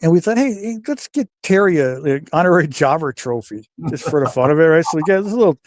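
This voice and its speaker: Animated, higher-voiced older man telling stories. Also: fast, a little hiss or hum. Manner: animated storyteller, voices the people he quotes, swears freely. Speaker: retired pro wrestler, guest. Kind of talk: casual storytelling interview.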